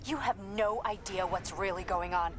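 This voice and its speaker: A woman's voice: lowish voice, moderate pace, faint music behind, natural voice. A woman voicing a secretive, urgent informant. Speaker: game character.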